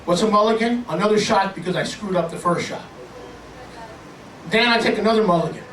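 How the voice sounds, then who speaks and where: A man preaching a sermon as a pastor, animated, joking, and putting on voices to act out his stories. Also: high-pitched, a little fast. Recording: echoey room, distant from the mic, faint ambience.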